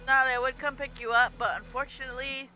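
A woman streaming a driving game, swearing and shouting at other drivers and laughing often. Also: sits high, steady tone, fast. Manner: brash, profane, yelling at other drivers. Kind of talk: casual gameplay commentary. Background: game music.

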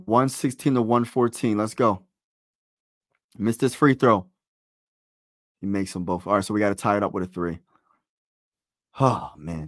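A young man giving casual fan play-by-play of a basketball game, excitable, pleading and groaning as plays unfold. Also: fairly low pitch, a little slow, pauses often, no echo, studio quality. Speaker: live play-by-play streamer.

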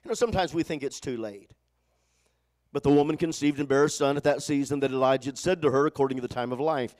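Male pastor with a high voice, preaches with call-and-response and drops to hushed storytelling, often repeats words as he starts a phrase. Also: fast. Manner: swings from loud exhortation to hushed, low storytelling. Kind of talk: sermon.

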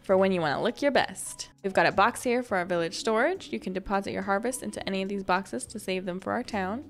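Woman reading as a bossy game villager, brisk, teasing, everyday voice, mid pitch. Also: soft background music, lightly acted.

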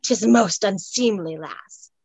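A woman voicing a wary Highlander man from the past, speaking with a husky Scottish burr in old-fashioned speech. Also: takes it slowly, a little mellow, no echo. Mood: gruff.

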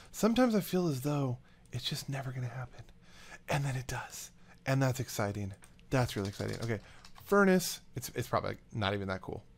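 A man giving casual, rambling gameplay commentary as a let's play host, getting excited and chatting to the items he handles. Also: medium pitch.

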